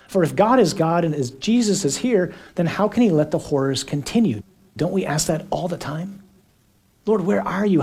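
A man preaching a sermon, shifting between quiet reflection and acted-out shouted dialogue, with dramatic pauses. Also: fairly high pitch.

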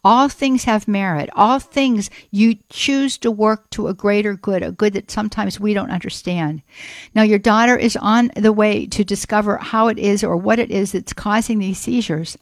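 A woman radio host prays aloud for a listener, earnest and unhurried, circling back to the same invocations. Her mid-range voice sounds close and dry, recorded in a studio. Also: medium pitch, no room sound. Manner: earnest, slow, with repeated invocations. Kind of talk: spoken prayer and call-in radio talk.

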